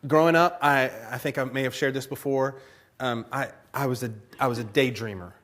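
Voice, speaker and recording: A man's voice: medium pitch, a little fast. A male pastor preaching in church, telling stories with lots of laughter and acting out little conversations. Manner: animated storytelling, laughs often, acts out conversations. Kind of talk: sermon.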